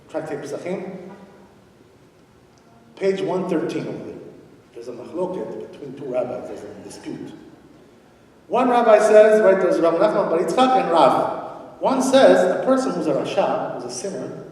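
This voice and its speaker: A man's voice: a little high, a little mellow. A male rabbi giving a Torah lecture to a congregation, speaking conversationally with frequent "you know" and rhetorical questions. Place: synagogue hall at an evening event. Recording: echoey hall from far off.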